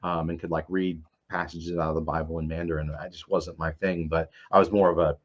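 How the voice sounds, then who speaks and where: Middle-aged man, lowish voice, rambling panel storyteller, muffled lo-fi sound. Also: flat delivery, fairly quick. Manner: rambling storyteller with many fillers. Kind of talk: casual panel chat. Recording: dull lo-fi audio.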